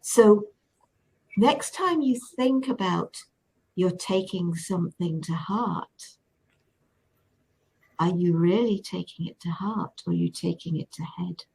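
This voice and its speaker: A woman's voice: lowish voice, takes it slowly, vocal fry, pauses often, a little mellow, slight background noise, poor audio. A woman co-hosting a podcast who speaks in a thoughtful, reflective way. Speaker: podcast co-host. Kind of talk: reflective conversation.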